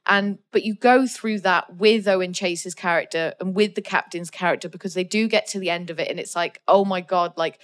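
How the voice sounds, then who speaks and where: A woman's voice: fairly low pitch, fairly quick, few pauses. A woman co-hosting a film podcast, chatting casually with lots of "like" and "um". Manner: chatty, full of "like" and "um" fillers. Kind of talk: casual film review chat.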